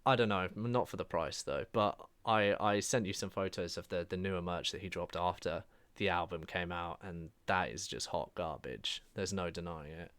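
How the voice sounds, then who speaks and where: A man's voice: low voice, moderate pace, few pauses, a bit bright, smooth, no echo. A man hosting a music podcast in casual chat, joking dryly and hesitating often with "uh". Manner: dry jokey asides, frequent "uh" hesitations. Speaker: podcast host.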